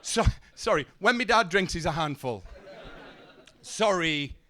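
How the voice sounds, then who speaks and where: A young man doing a stand-up set, telling deadpan one-liners with stumbling restarts, on a comedy club stage. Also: high voice, a little slow. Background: audience laughter.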